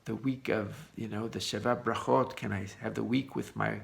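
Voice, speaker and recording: A man's voice: on the low side, fairly even intonation, moderate pace, creaky. A man playing a pleading young groom. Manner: pleading, hesitant.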